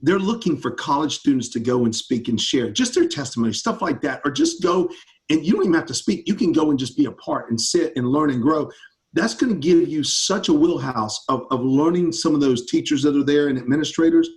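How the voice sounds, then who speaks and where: A man's voice: a little high, lively intonation, brisk. A man, a campus ministry pastor answering students' questions in an enthusiastic, upbeat casual chat over a video call.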